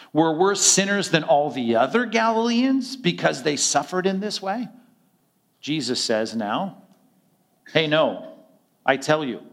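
A male pastor preaching a conversational sermon, often acting out quoted dialogue in other voices. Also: mid-range voice.

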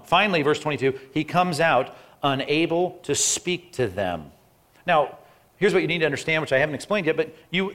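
Animated preaching man. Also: on the high side. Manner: animated, acts out voices, rhetorical questions. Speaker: pastor. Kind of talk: sermon.

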